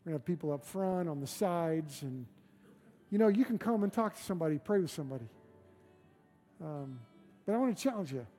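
A man's voice: a little high, expressive, a little fast, pauses often, warm tone, faint music behind. A man preaching a sermon as pastor in a church, conversational and emphatic, with repeated phrases. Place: church sanctuary.

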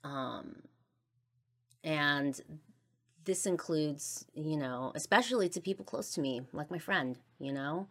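Blunt low-voiced woman podcaster. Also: slow pace. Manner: blunt, frequent swearing and fillers. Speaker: podcast host. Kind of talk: casual personal storytelling.

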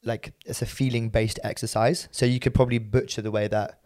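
A man's voice: medium pitch, level tone, darkish tone, dry recording, studio quality. A man co-hosting a podcast as a dance teacher, chiming in casually with remarks and agreement. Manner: easygoing, adds quick remarks and agreement.

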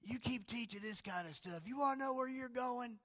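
A man's voice: very high voice, a little fast, sharp tone, studio quality, pitched above the performer's own voice. A man voicing a preachy male caller with a Southern US drawl, a stereotypical believer lecturing a talk show. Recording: long hall reverb.

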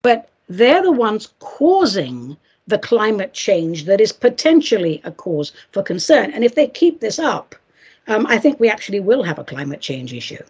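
A woman's voice: mid-range voice, sing-song, normal speed, a little mellow, husky. A middle-aged woman hosting a podcast, giving a chatty, theatrical monologue full of sarcastic asides and giggles. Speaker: podcast host. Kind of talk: casual monologue commentary.

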